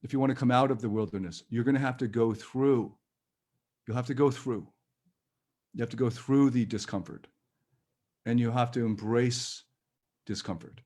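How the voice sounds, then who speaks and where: A man leading a live-streamed personal growth workshop, talking in a gentle, reassuring and chatty way with light laughs. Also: mid-range voice, normal speed, pauses often.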